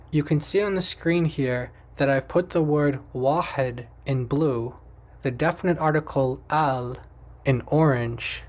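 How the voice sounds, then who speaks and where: A man giving scripted narration, methodically walking viewers through text shown on screen and finishing with pointed rhetorical questions. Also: medium pitch. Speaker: presenter explaining on-screen text.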